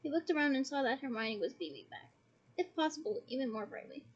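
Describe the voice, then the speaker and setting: Brief: woman narrating a novel, high voice, playful asides, slightly muffled lo-fi audio. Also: lively intonation, fast talker. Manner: playful, giggly asides to listeners. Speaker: audiobook reader. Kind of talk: reading a novel aloud with chatty asides. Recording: dull lo-fi recording.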